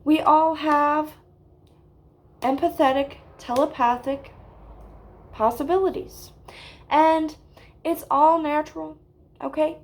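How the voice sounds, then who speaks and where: In a high voice, a woman gives a deadpan parody of a self-help lecture on spiritual matters, speaking slowly and drawing out her words. She keeps asking her audience "okay?" as she goes.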